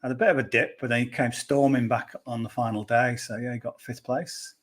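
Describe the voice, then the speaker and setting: A man chatting casually as a podcast pundit. He rambles along with lots of ums and restarts, and his voice sits at an ordinary middle pitch. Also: fairly even intonation, brisk. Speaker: golf betting pundit.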